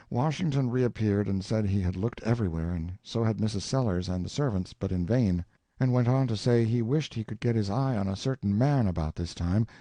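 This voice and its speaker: A man narrating a humorous novel as an audiobook, in a lively, expressive reading. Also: on the low side, dry recording.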